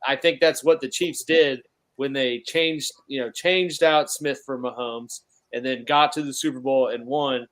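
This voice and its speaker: Male podcast co-host, mid-pitched and easygoing; stumbles into points and asks questions. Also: steady tone, moderate pace, a bit bright. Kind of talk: casual sports podcast chat.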